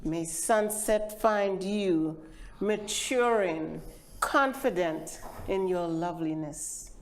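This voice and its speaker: An older woman from Trinidad with a Trinidadian accent, giving a measured, lilting live poetry reading as the featured poet at a literary event. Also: lowish voice, slight background noise.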